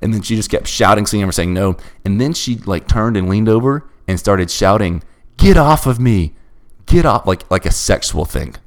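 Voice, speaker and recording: Deep-voiced young man recounting a wild night. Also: normal speed, few pauses. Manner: emphatic, restless retelling of a bizarre night. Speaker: storyteller guest. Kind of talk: casual storytelling chat.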